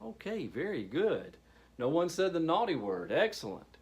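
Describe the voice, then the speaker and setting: A man leading a workshop on handling speaking anxiety, addressing a group and pausing for effect. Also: fairly high pitch. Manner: animated, addressing a group, with pauses. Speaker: training facilitator. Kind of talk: public speaking workshop presentation.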